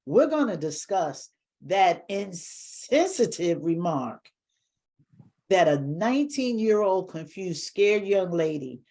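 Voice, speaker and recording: Woman talk show host, slightly low voice, upbeat, talks straight to the audience. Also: very animated, slow, mellow. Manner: upbeat, addresses viewers directly.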